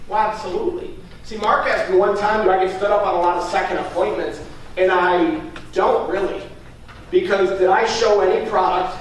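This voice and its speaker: In a steady tone, a fast-talking sales trainer delivers a training talk, acting out a sales pitch to clients and frequently asking "all right?". The audio is distant and very echoey, with faint noise.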